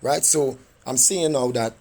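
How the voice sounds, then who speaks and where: A man's voice: mid-range voice, unhurried, a little mellow, slight background noise. A man who is a parent and coach, insistently arguing his case in a meeting with school staff and often checking in with "right?".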